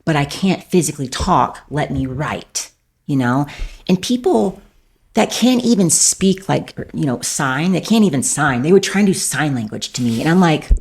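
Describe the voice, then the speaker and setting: Gravelly-voiced woman telling a candid story. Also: low voice. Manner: rambling, fills every phrase with "like". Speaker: podcast guest.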